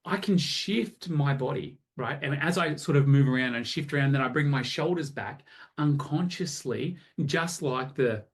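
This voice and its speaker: A man coaching a group over a video call, energetic and acting out both sides of conversations. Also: mid-range voice, moderate pace. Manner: energetic, animated, acts out both sides of chats. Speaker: sales coach.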